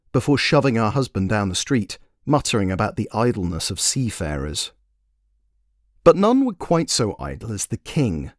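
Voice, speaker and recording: A man's voice: lowish voice, no echo, clean studio sound. Man telling a wry storybook tale. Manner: wry, playful. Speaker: storyteller and author. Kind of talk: storybook narration.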